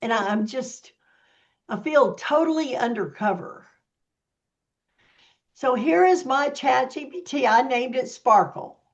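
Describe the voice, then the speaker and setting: A woman with a somewhat high voice talks slowly and deliberately, sassy and animated as she explains things step by step to a small group. The sound is dull and lo-fi, like audio from a video call. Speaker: workshop presenter. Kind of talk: casual teaching talk.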